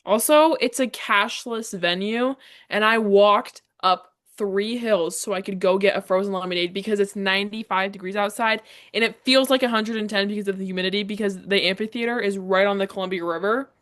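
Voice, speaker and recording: A young woman co-hosting a podcast, chatting casually and rambling quickly through her stories. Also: medium pitch, a bit bright. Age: young adult. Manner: fast, rambling storytelling. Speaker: podcast co-host. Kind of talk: casual chat.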